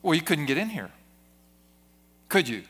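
Male pastor, sermon delivery, earnest, repeats phrases, bright tone. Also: on the high side, very animated, normal speed, breathy edge. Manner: earnest preaching with frequent word repetitions. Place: church service.

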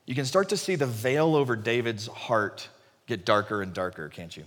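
A man preaching a conversational sermon, retelling the story animatedly and dropping his voice low for emphasis. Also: normal speed, a bit bright, long reverb tail.

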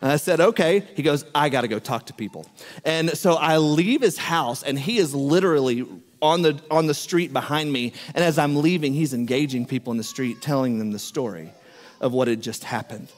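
A man's voice: on the high side, moderate pace, in a large hall. A man preaching a sermon, telling a story and acting out what each person said. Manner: animated storyteller, acts out quoted speech.

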